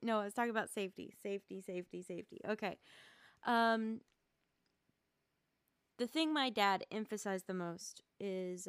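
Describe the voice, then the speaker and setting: A woman with a lowish, smooth and resonant voice hosts a casual solo podcast, talking from home. She rambles, trips over her words and restarts sentences often. The sound is close and dry. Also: no echo. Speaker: podcast host. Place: rural home.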